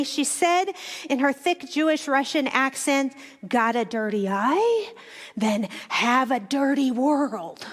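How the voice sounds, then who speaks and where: High-voiced woman giving a reflective sermon. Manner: reflective, storytelling, addresses congregation directly. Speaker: minister. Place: church sanctuary.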